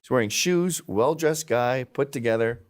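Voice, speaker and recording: A man's voice: medium pitch, moderate pace. A middle-aged man, a guest in a casual chat, telling stories bluntly with swearing and laughing at his own jokes, and slipping into put-on voices of old men.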